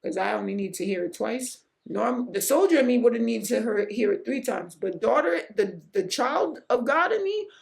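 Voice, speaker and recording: A woman's voice: fairly high pitch, expressive, moderate pace, vocal fry, few pauses. A middle-aged woman hosting a faith podcast, speaking earnestly and emotionally about surrender, often repeating herself for emphasis. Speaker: podcast host. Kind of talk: faith-based personal reflection.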